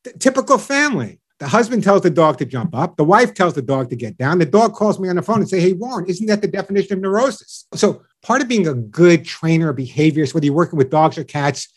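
Animated, slightly high-pitched man talking pets. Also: quick pace, hardly any pauses. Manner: animated storyteller acting out owners and dogs. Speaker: pet show radio host and dog trainer, guest. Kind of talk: enthusiastic interview chat.

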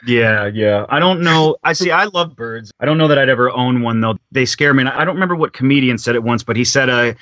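Bright-voiced male podcast host. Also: mid-range voice, a little fast, few pauses, no room sound, highs cut off. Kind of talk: casual chat.

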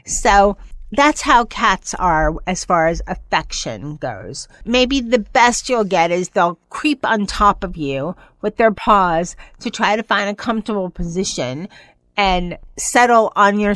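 A woman hosting a pet podcast, talking casually and rambling, who now and then breaks into high, playful voices to mimic excited pets. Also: slow pace, dry recording. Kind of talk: casual monologue.

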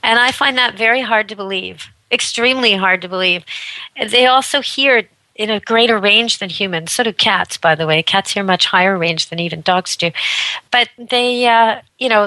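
Bright-voiced chatty woman radio host. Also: mid-range voice, poor audio. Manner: chatty, amused, laughs often, playful dog voices. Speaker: radio show host, dog camp owner. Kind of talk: casual radio monologue. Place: rural dog camp in Canada.

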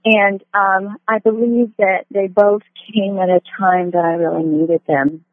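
A woman calling in to a radio show, hesitant and halting with many fillers. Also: medium pitch, fairly even intonation, no room sound. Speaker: caller. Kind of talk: call-in question. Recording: tinny phone line.

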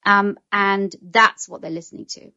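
A woman's voice: medium pitch, steady tone, moderate pace, pushed and bright, smooth, dry recording, muffled recording. A woman in casual conversation, eagerly explaining and often checking in with "right?". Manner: chatty, explains eagerly with many "right?" tags. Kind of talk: casual chat.

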